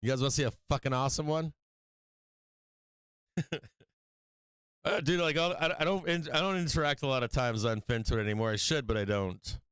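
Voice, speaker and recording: Guy on a stock stream, smooth clear voice, dry mic, rambly and cussing. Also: medium pitch, fairly quick, long pauses, fairly bright tone, no room sound. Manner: rambling, mocking, swears often, talks to viewers. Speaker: stock market live stream host. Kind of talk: casual profane market chat.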